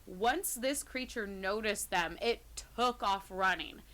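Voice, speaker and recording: A woman co-hosting a podcast, casually retelling creepy stories, sometimes dropping to a hush and often laughing. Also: mid-range voice, takes it slowly. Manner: retells scary stories, drops to hushed tones, laughs often. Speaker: podcast co-host. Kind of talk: casual storytelling chat.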